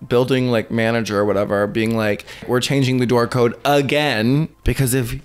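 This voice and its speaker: A man's voice: mid-range voice, fairly even intonation, moderate pace, noisy background. A young man co-hosting a podcast, chatting casually with blunt, sweary reactions. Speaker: podcast co-host. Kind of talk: casual chat.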